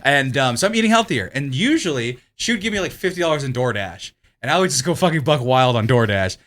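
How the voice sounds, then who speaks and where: A man's voice: medium pitch, big pitch swings, fast, a bit bright. A man co-hosting a podcast in casual chat, rambling and profane, laughing often as he tells stories. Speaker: podcast co-host.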